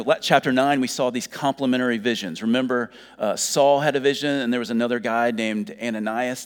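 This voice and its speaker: Middle-aged pastor preaching in a reverberant hall. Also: male voice, mid-range voice. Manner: conversational, joking asides, restarts words. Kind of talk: sermon.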